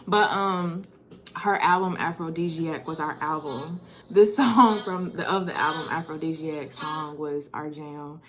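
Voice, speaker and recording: Animated woman sharing fond memories. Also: low voice, unhurried. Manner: animated, laughing while reminiscing. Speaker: vlogger. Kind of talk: personal storytelling vlog.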